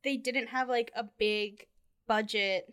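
A woman co-hosting a casual movie podcast, animated, laughing often and trailing off mid-thought. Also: on the high side, slow, smooth. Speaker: podcast co-host. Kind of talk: casual movie-review chat.

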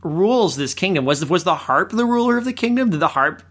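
Low-voiced woman chatting animatedly. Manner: animated, quick asides, playful. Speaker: podcast co-host. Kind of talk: casual film discussion.

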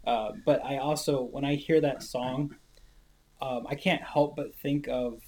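A man in casual conversation about faith, speaking thoughtfully with halting pauses and fillers. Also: mid-range voice, steady tone, darkish tone.

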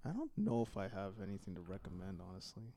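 A man's voice: low voice, big pitch swings, fast, a crowd in the background. A man co-hosting a casual podcast, laid-back and casually swearing. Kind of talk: casual chat.

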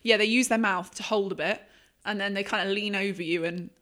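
A woman's voice: mid-range voice, fairly even intonation, brisk, a bit bright. A young woman co-hosting a podcast, telling a self-deprecating story with lots of "um"s. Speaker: podcast co-host. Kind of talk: casual storytelling.

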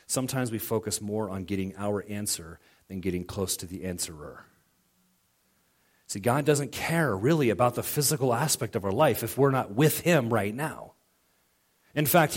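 Middle-aged pastor guy preaching, chatty storytelling sermon, does the voices in his stories. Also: mid-range voice. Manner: conversational storytelling with quoted dialogue.

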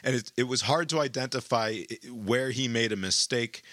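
A man talks through a football game in casual chat, animated and profane, with a lot of "like" in his speech. His voice is bright and forceful, and the sound is dry and close. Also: medium pitch, normal speed, no room sound. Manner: animated, profane storytelling with many fillers.

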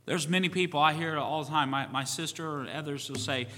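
A middle-aged male pastor preaching to his congregation, his voice higher than most men's and bright, edged with tension. He talks in a folksy, conversational way and acts out the voices of the people in his stories. A long church reverb hangs behind every phrase. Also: fast. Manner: folksy, repeats "you know what?", acts out quoted voices. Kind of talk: sermon.

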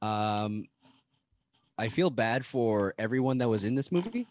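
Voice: mid-range voice, expressive, measured pace, a little mellow. A podcast co-host chatting casually, mostly short playful reactions. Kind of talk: casual chat.

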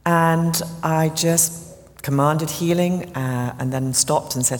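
A woman guest telling a story about her prayer ministry, animated and rising high when excited. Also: normal speed, long reverb tail. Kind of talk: storytelling interview.

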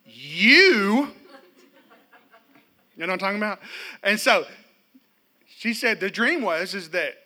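A man's voice: sits high, normal speed, pauses often. A middle-aged man preaching a sermon in a church, telling stories with humor and calling out to the congregation for responses. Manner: animated, humorous storytelling with calls to the congregation. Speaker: pastor.

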